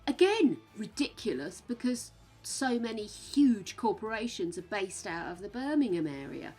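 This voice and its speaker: A woman's voice: mid-range voice, big pitch swings, normal speed, warm tone, breathy edge. A woman chatting with her live stream viewers in a mid-range voice. She talks frankly and casually, with the odd swear word. Faint music plays underneath. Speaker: game streamer.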